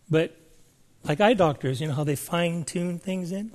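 A man's voice: high-pitched, a little fast. A man preaching a sermon to a congregation in a conversational way, often asking the room questions. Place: church service before a congregation.

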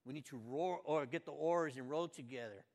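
An older man reading a Bible passage aloud, then musing on it in a folksy, conversational way, rising to loud fervent cries and dropping to quiet asides. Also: a little high, moderate pace. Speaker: Bible reader and preacher. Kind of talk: informal devotional Bible reading and reflection. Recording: long hall reverb.

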